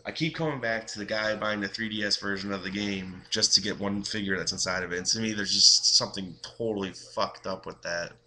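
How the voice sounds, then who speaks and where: A man's voice: fairly low pitch, brisk, hardly any pauses, sharp tone, a little hiss or hum. A young adult man ranting on his video blog, exasperated and profane, mocking others in quoted voices. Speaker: vlogger.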